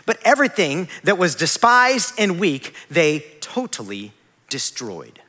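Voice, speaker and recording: Man, pastor, sermon, high lively voice, conversational with joking asides, big echoing hall. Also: measured pace. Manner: conversational, self-correcting preaching with humorous asides.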